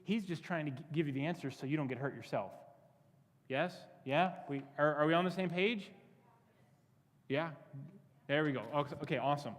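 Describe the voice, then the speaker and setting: A man preaching to a youth group in a sermon style, energetic, firing questions at the crowd and repeating himself as he works up to his points. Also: a little high, moderate pace, pauses often. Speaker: youth pastor. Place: church sanctuary. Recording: long reverb of a church hall.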